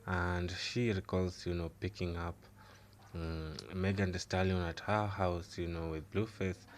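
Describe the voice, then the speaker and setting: A man's voice: sits low, little pitch movement, unhurried, a little hiss or hum. A man hosting a celebrity gossip news channel, leaning heavily on filler phrases as he recaps. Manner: leans heavily on "you know" fillers. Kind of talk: news commentary.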